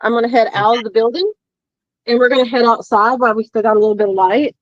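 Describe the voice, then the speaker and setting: A fairly high-voiced woman with a Southern twang chats her way through a walking tour, holding her phone as she goes. The sound is dry and a little dull. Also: fairly even intonation, quick pace, no echo. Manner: chatty, walking outdoors while filming. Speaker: tour guide. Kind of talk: casual walking tour on a video call.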